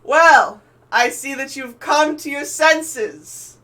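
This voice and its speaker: A man voicing a gleeful, taunting male villain who yells gloatingly across to another ship. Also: sits high, unhurried, voice pushed up. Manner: loud, gloating, sing-song shouting.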